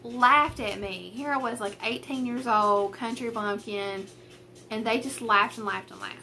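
A woman's voice: on the high side, measured pace, gravelly, sharp tone. A young woman with a rural Southern US accent chatting to camera at home about her cross-stitch projects, rambling and self-deprecating, recorded on a tripod camera at a table. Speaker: craft vlogger. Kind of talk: casual chat to camera. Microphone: camera on a tripod with a ring light.

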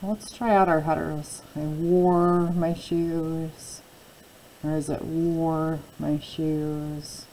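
Female teacher, low gravelly voice, patient phonics lesson for kids. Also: level tone, dark tone, a little hiss or hum, rough recording. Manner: patient, drawn-out word modeling. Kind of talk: phonics lesson for young children.

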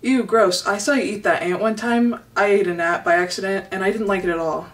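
A woman's voice: medium pitch, fairly even intonation, a little fast, distant mic, lightly acted. A woman reading a storybook, voicing a chatty young female squirrel who rambles on.

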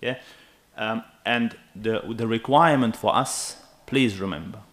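Animated low-voiced male preacher. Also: a little slow. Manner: animated and emphatic, with asides to the audience. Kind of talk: sermon.

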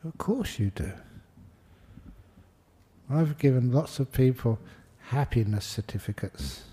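A man's voice: medium pitch, lively intonation, takes it slowly, warm tone, slightly rough. A monk giving a humorous dharma talk, jokey and self-deprecating, laughing at his own jokes. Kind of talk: humorous spoken sermon.

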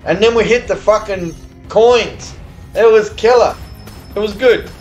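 Tipsy, swearing man with a high voice. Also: measured pace, dull audio, soft background music. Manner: rambling, heavy swearing, chatty with viewers. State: tipsy, slurring a little after beers. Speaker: streamer. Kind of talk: live gambling stream chat. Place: hotel or home room abroad.

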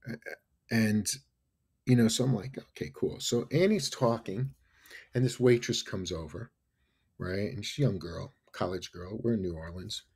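Guy from new york in his 50s, low husky voice, rambling story after story, keeps throwing in "right?". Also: normal speed. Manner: animated storyteller, keeps adding "right?" and "you know". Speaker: podcast guest, entrepreneur. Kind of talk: casual storytelling interview.

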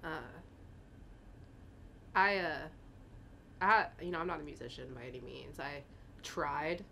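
A woman's voice: sits low, a little slow, gravelly, pushed and bright, a little hiss or hum. A young woman speaking candidly as an interview guest, rambling with fillers and getting emotional, at times tearing up. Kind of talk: casual interview talk.

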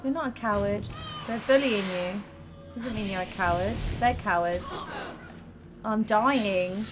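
A woman's voice: medium pitch, measured pace, music in the background. A woman commenting while playing a video game, reacting aloud in a chatty, exclaiming way. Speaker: gamer. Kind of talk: let's-play commentary.

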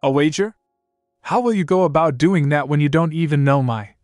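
A man's voice: fairly high pitch, moderate pace, darkish tone, dry recording, soft background music, pitched above the performer's own voice, close to an everyday voice. A man voicing an aloof, smirking young sorcerer who speaks in a dry, polite, slightly mocking way. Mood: wry.

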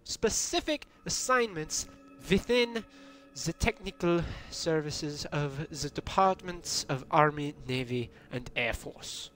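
A man's voice: on the high side, animated, slow, hardly any pauses, fairly bright tone, soft background music. A man putting on a mock German-American accent to read out a formal document, stumbling over the words. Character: stiff male official reading in a mock German-American accent.

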